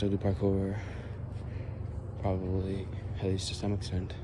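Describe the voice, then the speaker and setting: A man's voice: deep voice, monotone, measured pace. Breathless man talking while jogging. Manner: rambling, humming and singing made-up lyrics while jogging. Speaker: vlogger. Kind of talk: casual walk-and-talk vlog. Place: outdoors, walking and jogging. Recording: noisy outdoor ambience.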